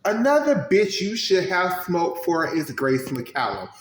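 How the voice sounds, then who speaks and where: A man commenting with sass and preachy call-outs, his voice bouncing around an echoey room. He ranges from sharp jabs to a low, quiet mutter. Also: wildly swooping pitch, unhurried, slight background noise. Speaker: recap commentator. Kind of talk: reaction commentary.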